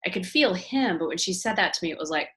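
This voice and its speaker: A woman in her forties, the host of an interview show, telling a story from her day in relaxed, casual talk. Her voice sits a little low, and she brings the story to life by acting out the voices of the people in it. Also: fast talker. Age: 40s. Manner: animated storyteller, acts out voices in anecdotes.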